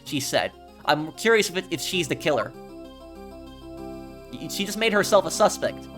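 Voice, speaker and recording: A man doing let's play commentary, excitable and halting, repeating words as he reacts. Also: on the high side, over music. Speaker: gaming YouTuber.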